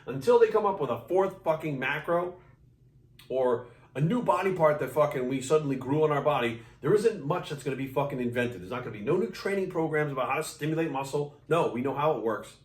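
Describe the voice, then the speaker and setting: A man's voice: on the high side, expressive, a little fast. A man who coaches fitness, ranting to camera in a blunt, passionate way and swearing constantly. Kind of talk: ranting vlog monologue. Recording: roomy sound, mic at a distance.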